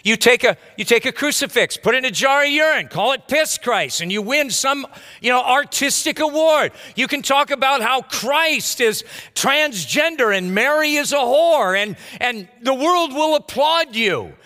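Animated high-voiced man preaching. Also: normal speed, in a large hall. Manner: animated preaching with storytelling asides. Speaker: pastor. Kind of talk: sermon.

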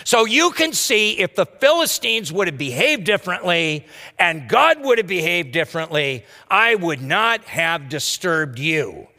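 Blame-shifting, self-pitying king, gravelly edge, voiced by a male pastor. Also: sits high, very animated, measured pace, bright, forceful tone, big-room sound, full character voice. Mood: excusing. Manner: self-pitying, excusing himself.

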